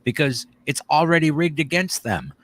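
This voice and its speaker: A man's voice: on the high side, very animated, moderate pace, a bit bright. A man co-hosting a casual podcast chat, blunt and heavy on swearing, rambling through his points. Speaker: podcast co-host.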